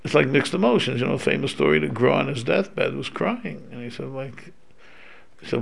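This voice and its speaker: A man's voice: mid-range voice, normal speed, vocal fry. A man giving an informal religious lecture, talking in a loose conversational way with many restarts and Hebrew terms mixed in. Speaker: Torah teacher.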